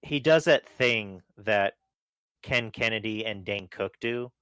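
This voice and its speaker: Male podcast guest, low voice, casual hedging talk, dead-dry recording. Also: slow, fairly bright tone, clean tone, no echo. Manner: offhand, hedging, swears casually. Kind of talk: casual wrestling podcast chat.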